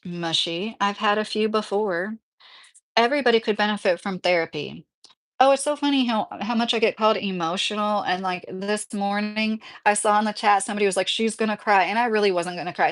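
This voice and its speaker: A woman's voice: mid-range voice, a little fast, a bit bright. Woman streamer answering her chat. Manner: heated, talks back to chat comments. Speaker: livestreamer reading chat. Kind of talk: casual livestream chat.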